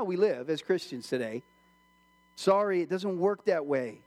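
A middle-aged male pastor delivers a casual, animated sermon, slipping into little voices for the people in his stories. His voice sits high, and a long church reverb trails every phrase. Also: measured pace. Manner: animated, acts out quoted voices.

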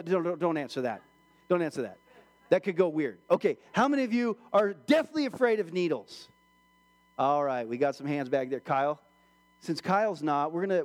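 A man preaching a sermon in church, joking with the congregation and acting out voices in his stories. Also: high-pitched. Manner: animated, acts out quoted voices, jokes with the congregation. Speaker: pastor.

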